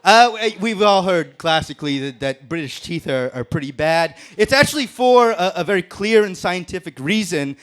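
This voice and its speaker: A man's voice: high-pitched, expressive, normal speed, hardly any pauses, a bit bright. A man doing a brash, profane stand-up roast set on a comedy club stage, laughing at his own jokes. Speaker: stand-up comic in a roast battle.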